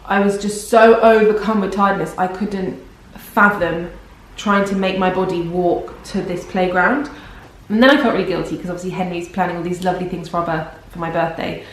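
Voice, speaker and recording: A woman's voice: lowish voice, steady tone, normal speed, hardly any pauses. A young pregnant woman vlogging casually, rambling and self-deprecating, tired. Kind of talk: casual vlog chat. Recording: very echoey room.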